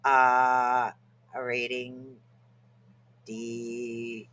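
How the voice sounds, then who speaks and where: A podcast co-host talks casually about self-help with a bright, forward tone. They joke around and laugh at themselves when tricky words trip them up. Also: mid-range voice, monotone, takes it slowly, highs cut off, slight background noise. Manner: jokey, laughs at own stumbles over words.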